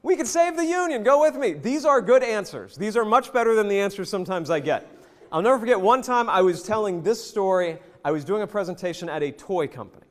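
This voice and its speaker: A man from the American South giving a jokey, animated leadership presentation and talking straight to the audience in a hotel event hall. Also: sits high, brisk. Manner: lively, jokey, addresses the audience directly. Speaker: leadership speaker. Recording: long reverb in a hotel hall.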